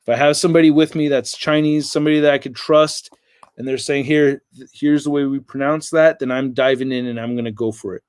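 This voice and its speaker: A man's voice: medium pitch, fairly even intonation, fairly quick, clear, resonant tone, no echo. An American man hosting a casual livestream, rambling and reading viewer comments aloud. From United States. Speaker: livestream host.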